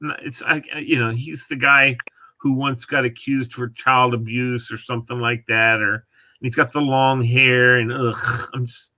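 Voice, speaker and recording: A man's voice: mid-range voice, little pitch movement, unhurried, sharp tone, dry recording. A man hosting a casual chat, rambling and chatty, often trailing off mid-thought.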